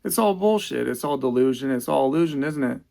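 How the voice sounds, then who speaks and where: Frustrated young man with a gravelly voice. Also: mid-range voice, expressive, warm tone. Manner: frustrated, halting, repeats himself. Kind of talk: venting monologue in a clip.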